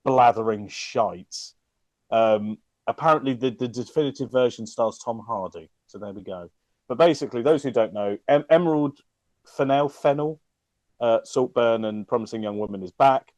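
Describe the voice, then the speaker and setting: A man's voice: medium pitch, moderate pace, a little mellow, no echo. A man co-hosting a casual film review chat, blunt and jokey, swearing casually. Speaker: film podcast co-host.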